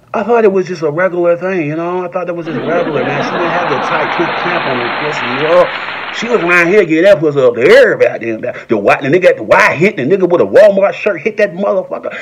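A man doing a profane, rambling comedy rant that jumps into high, shouted quotes. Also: very noisy. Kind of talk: stand-up style comedy rant.

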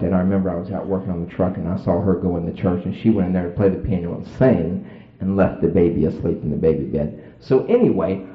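A man preacher telling a personal story in a folksy, animated sermon. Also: low voice. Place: church. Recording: roomy, tinny phone-like old tape.

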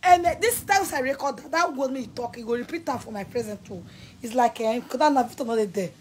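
A woman with a Nigerian accent, ranting angrily and scolding someone in bursts of shouting and threats. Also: fairly high pitch, animated, fairly quick, a little hiss or hum, low-quality recording. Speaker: vlogger. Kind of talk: angry rant to camera.

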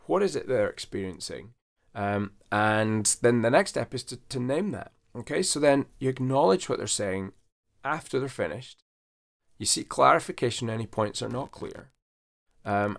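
Gravelly low-voiced vet giving advice. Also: male voice. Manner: conversational, earnest, coaching listeners step by step. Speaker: veterinarian. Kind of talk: advice vlog to camera.

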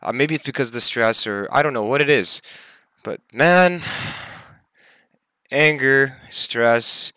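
A man's voice: mid-range voice, takes it slowly, long pauses, pushed and bright, no room sound. A young man venting his stress and anger in a daily vlog, swearing often and sounding tired. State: tired, half asleep. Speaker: vlogger.

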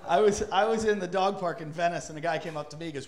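A man's voice: high voice, quick pace. A man performing a stand-up set in a comedy club, mocking people with impressions and crude punchlines. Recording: live club recording with audience noise.

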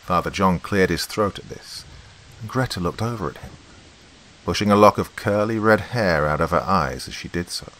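A man with a low voice reads a horror story aloud as host. His telling is dramatic and lively, leaning into each scene. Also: normal speed, rough recording. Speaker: host and narrator.

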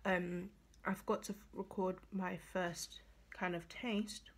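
Gravelly-voiced young woman vlogging. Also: fairly low pitch, flat delivery, slow pace. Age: young adult. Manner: chatty, rambling with many fillers. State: hoarse morning voice. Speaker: student vlogger. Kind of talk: casual vlog talk to camera.

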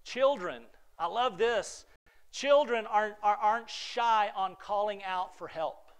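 Earnest high-voiced male pastor preaching. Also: measured pace, smooth. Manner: earnest, repeats words, drops to soft near-whispers then rises. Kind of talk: sermon.

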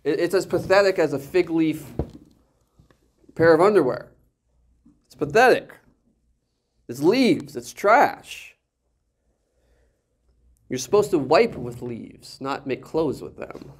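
A male pastor preaching an animated sermon, full of jokes and rhetorical questions. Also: on the high side, takes it slowly, long pauses.

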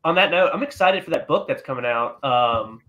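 A man's voice: on the high side, animated, a little fast, a bit bright. A man hosting a podcast in casual chat, rambling and swearing as he loses his train of thought. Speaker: podcast host.

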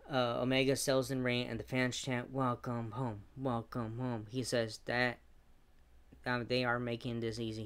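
A man recapping a wrestling show as its reviewer, retelling the action with fillers and quick asides. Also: mid-range voice, a bit bright, smooth.

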